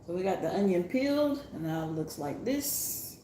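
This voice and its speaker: A woman's voice: fairly low pitch, lively intonation, moderate pace, slight background noise. A woman casually showing how she cooks in her home kitchen, chatting and laughing as she chops. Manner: chatty, laughing, exclaiming while chopping. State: teary-eyed from onion fumes. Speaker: cooking vlogger. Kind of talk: casual cooking demonstration. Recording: echoey kitchen with loud clatter of dishes. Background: dishes, pots and pans clattering.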